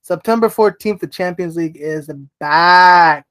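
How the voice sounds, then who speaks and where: Brisk man hosting a sports podcast. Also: sits high, fairly bright tone. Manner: brisk, lists teams rapidly with dry teasing. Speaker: podcast host. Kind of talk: casual sports chat.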